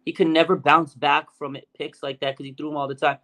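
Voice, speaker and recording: A man hosting a fan show, giving an energetic, emphatic sports talk monologue that repeats phrases and swings from low remarks to loud outbursts. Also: fast talker, low-quality recording.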